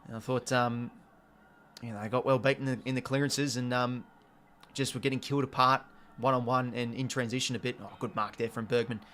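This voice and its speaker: A young Australian man hosting a live watch-along, calling the match casually with excitable bursts and the odd mild swear word. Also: mid-range voice, fairly quick.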